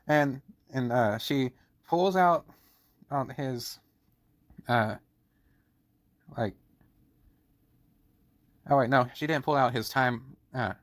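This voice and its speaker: A man's voice: medium pitch, fairly bright tone. A young man casually telling a school story in a rambling manner, often correcting himself as he goes. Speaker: vlogger.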